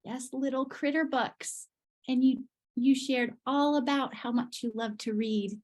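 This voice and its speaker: A woman clinician presenting certificates at a virtual ceremony, praising children in a slow, encouraging way over a video call. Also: high voice, fairly even intonation.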